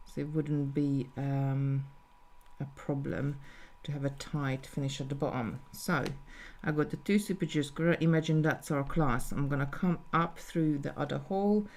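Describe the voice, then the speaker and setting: A woman's voice: sits low, darkish tone. A woman talking through a live beading tutorial step by step, thinking aloud as she works. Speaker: jewellery designer teaching beading.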